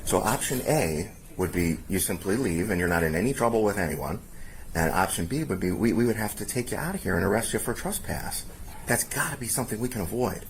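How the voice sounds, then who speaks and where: A male police officer calmly and politely negotiating with a man. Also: fairly low pitch, a little fast, background noise. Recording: body cam with voices behind.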